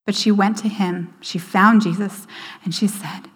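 A woman giving a sermon, slowing down for emphasis and dropping to a hushed voice for quoted lines. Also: mid-range voice, steady tone, husky. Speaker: speaker at a church service. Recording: hall reverb.

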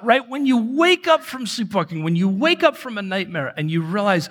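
Animated, husky-voiced man preaching. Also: high-pitched, moderate pace. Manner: animated storytelling, acts out shouted quotes. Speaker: pastor. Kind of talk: sermon. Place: church hall. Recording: long reverb of a large hall.

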